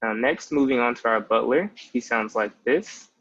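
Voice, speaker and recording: A man's voice: medium pitch, normal speed, fairly bright tone, breathy edge, lo-fi sound. A young man in his twenties giving a patient, casual language lesson with many "like" fillers. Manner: patient, explanatory, with frequent "like" fillers. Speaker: language teacher.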